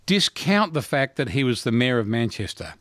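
A man's voice: medium pitch, sing-song, moderate pace, a bit bright, dry recording, studio quality. A man in his sixties with an Australian accent, hosting a casual talkback radio quiz and chat, laughing often and restarting his sentences. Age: 60s.

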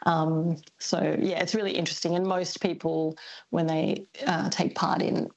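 A woman's voice: fairly low pitch, flat delivery, moderate pace, creaky. A woman guest on a radio show, thoughtfully explaining accents and language change with frequent ums. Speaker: linguistics expert guest. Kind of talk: radio interview.

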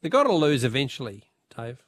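A man's voice: mid-range voice, very animated, a little fast, fairly bright tone, no echo. A middle-aged Australian man hosting a talkback radio quiz, chatty and jokey with a chuckling manner. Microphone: studio microphone.

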